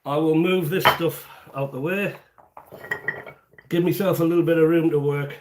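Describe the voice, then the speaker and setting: A man's voice: fairly high pitch, fairly even intonation, normal speed, noisy background. A man hosting a casual home cooking livestream, chatting and explaining each step in a rambling way. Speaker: home cooking channel host. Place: home kitchen.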